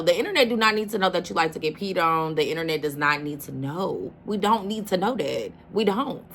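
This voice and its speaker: A woman's voice: fairly low pitch, lively intonation, a little fast, few pauses, a bit bright, a little hiss or hum. A woman hosting a reaction video, talking casually and emphatically, often addressing the listener as "baby.".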